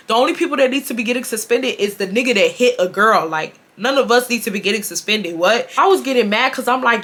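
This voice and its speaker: A woman's voice: mid-range voice, fairly quick. A woman, animatedly telling a storytime to her viewers with lots of fillers. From Houston, Texas. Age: 20s. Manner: animated, filler-heavy retelling addressing viewers. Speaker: storytime vlogger. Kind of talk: casual storytelling.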